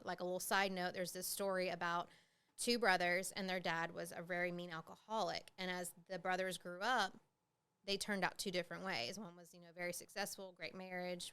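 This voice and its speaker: A woman's voice: lowish voice, a bit bright, clear, resonant tone. Candid, salty-talking woman. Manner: candid, swears freely, many fillers. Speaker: podcast host. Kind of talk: casual personal storytelling.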